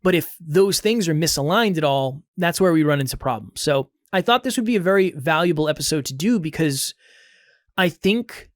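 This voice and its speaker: A man hosts his podcast and coaches listeners in a direct, motivational way, repeating his main points to drive them home. His voice sits a little high for a man, and the sound is dry and close. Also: animated, moderate pace, no room sound. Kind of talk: solo podcast advice talk.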